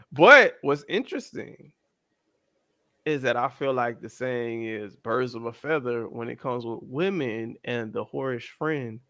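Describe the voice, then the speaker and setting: Podcast co-host, man, thirties, AAVE, bright forceful voice, dry close sound. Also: a little slow, no echo. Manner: animated, slangy, jumps into high-pitched voices when quoting others. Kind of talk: casual chat.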